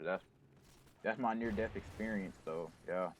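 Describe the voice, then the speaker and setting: A man's voice: deep voice, fairly even intonation, unhurried, pauses often, a little hiss or hum. A young man hosting a gaming channel, casually telling a rambling personal story with lots of restarts and self-corrections.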